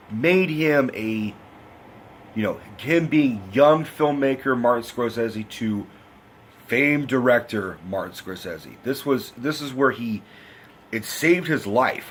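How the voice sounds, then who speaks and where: Loud, profane man ranting about movies. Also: mid-range voice, slight background noise. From United States. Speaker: film reviewer. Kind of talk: casual movie rant.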